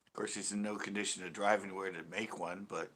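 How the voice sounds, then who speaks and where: A man's voice: fairly low pitch, flat delivery, fast talker, fairly bright tone. A man hosting a casual fishing live stream, joking and rambling as he chats with viewers. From California. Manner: joking, rambling, laughs a lot. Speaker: fishing channel host.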